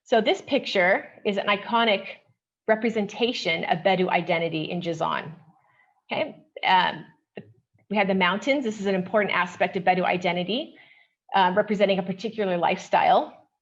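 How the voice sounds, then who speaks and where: A woman researcher giving an academic paper presentation at a conference. She speaks in a measured, explanatory way and often opens her points with "okay". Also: mid-range voice, muffled recording.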